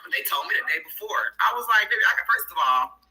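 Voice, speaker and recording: Chatty woman over loud background noise. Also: mid-range voice, lively intonation, quick pace. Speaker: viewer joining the stream. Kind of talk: casual chat.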